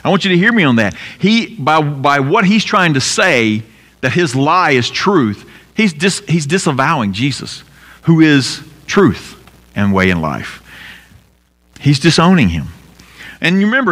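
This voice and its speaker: A man preaching a sermon as pastor, earnest, building to emphatic peaks and dropping low for weight. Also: very animated, moderate pace, fairly bright tone. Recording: long hall reverb.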